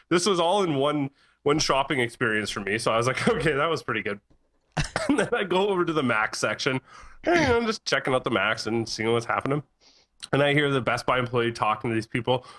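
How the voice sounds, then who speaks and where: Lively, bright-voiced laughing storyteller man. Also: mid-range voice. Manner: animated, laughs often while telling stories. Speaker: podcast co-host. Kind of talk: casual chat, storytelling. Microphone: headset or desk mic in a live-streamed podcast.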